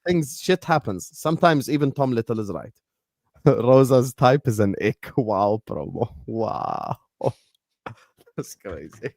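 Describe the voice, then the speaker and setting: A man's voice: mid-range voice, expressive, slow, vocal fry, darkish tone, no echo, clean studio sound. A man hosting a football stream, teasing his co-hosts in casual chat. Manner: joking, teasing banter. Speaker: host.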